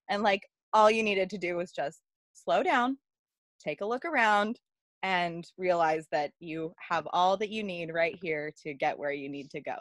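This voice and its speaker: A woman's voice: mid-range voice, unhurried, a bit bright, no echo. A woman telling a personal story in a casual, chatty way, with many fillers and frequent laughter. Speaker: workshop participant.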